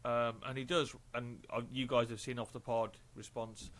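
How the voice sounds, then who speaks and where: A man's voice: mid-range voice, little pitch movement, moderate pace, a bit bright. A man co-hosting a music podcast in casual chat, rambling and joking with lots of fillers and restarts. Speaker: podcast co-host.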